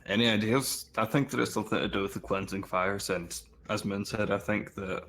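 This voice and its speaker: Low-voiced man at the game table. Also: fairly even intonation, fairly quick, a bit bright, a little hiss or hum. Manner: thoughtful, hums a lot. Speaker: player. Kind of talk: casual tabletop game chat.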